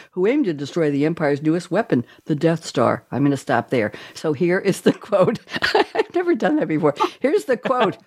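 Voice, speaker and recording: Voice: mid-range voice, a little mellow. A radio talk show host reading notes aloud and chatting with guests. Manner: chatty, laughs easily, reads from notes. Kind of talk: online talk show interview.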